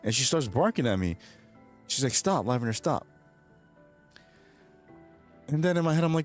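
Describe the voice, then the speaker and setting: A man's voice: on the high side, expressive, normal speed, pauses often, darkish tone, faint music behind. A man streaming and chatting casually with his viewers, rambling, swearing, and laughing often. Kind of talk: casual livestream chat.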